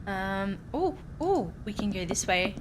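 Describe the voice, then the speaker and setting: Young Aussie streamer, bubbly and giggly, slow relaxed chat, faint hum behind. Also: female voice, mid-range voice. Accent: Australian. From Australia. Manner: bubbly, giggly, chatty with viewers. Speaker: game streamer. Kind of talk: casual let's-play chat.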